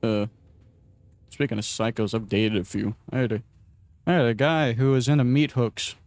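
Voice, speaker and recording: Young male vlogger, loose crude rambling, mid-pitched, self-mocking. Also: steady tone, moderate pace, a little mellow. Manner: rambling, crude, self-deprecating, with frequent restarts. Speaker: gaming vlogger. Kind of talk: casual rambling commentary while playing.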